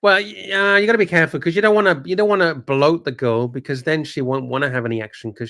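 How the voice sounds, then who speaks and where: A man's voice: fairly high pitch, fairly even intonation, quick pace, hardly any pauses, fairly bright tone. A man co-hosting a livestream, bantering casually and reacting with swearing and exclamations. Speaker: livestream co-host.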